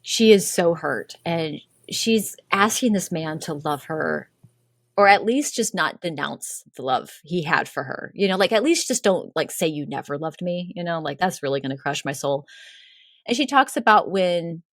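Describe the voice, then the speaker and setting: A woman's voice: on the low side, expressive, normal speed, no room sound, studio quality. A woman hosting a podcast, retelling a story in casual chat, giggly and full of "like" fillers. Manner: giggly, chatty, lots of "like" fillers. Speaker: podcast host.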